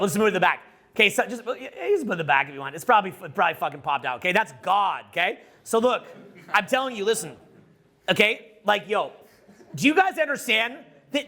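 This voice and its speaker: Speaking as a social skills coach before a live crowd, this middle-aged man is loud, excitable, and profane in a loose, rambling way. His pitch sits high and has a gravelly texture.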